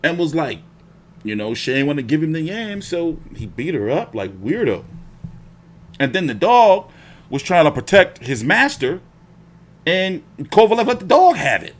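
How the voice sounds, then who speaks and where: A man's voice: fairly high pitch, normal speed, a little hiss or hum. A young man hosting a boxing live stream, telling stories in casual, profane slang. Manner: profane, animated storytelling with slang.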